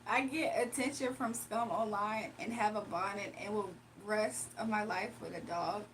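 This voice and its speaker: A woman's voice: mid-range voice, fairly even intonation, normal speed, slight background noise. A woman hosting a casual livestream, reading chat comments aloud and laughing often. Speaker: livestream host.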